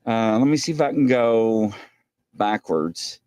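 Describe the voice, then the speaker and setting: A male host chats casually, rambling and filling pauses while he searches for clips. His intonation moves around a lot. The sound is dry and close. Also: fairly low pitch, lively intonation, a little mellow, no room sound. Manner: rambling with many fillers. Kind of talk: casual show chat.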